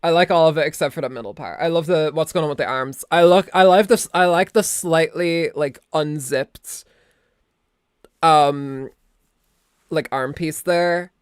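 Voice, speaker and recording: A woman's voice: low-pitched, a little slow, clear, resonant tone, no room sound. A young adult woman streaming as a VTuber, chatting casually and rambling, swearing now and then into a close desk mic. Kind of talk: casual live-stream chat.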